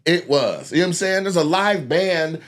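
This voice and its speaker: A man with a slightly high voice talks through a casual chat. He swears freely and tells stories with energy, slipping into the voices of people he is quoting. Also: normal speed. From Lacey, Washington. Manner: animated, profane, acts out quoted voices. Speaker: comedian guest.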